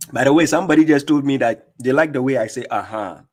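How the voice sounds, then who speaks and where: A man's voice: mid-range voice, fairly quick, slight background noise. A man with a non-native English accent hosting a live stream, reading viewer comments aloud and commenting emphatically, often repeating his words. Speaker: livestream host.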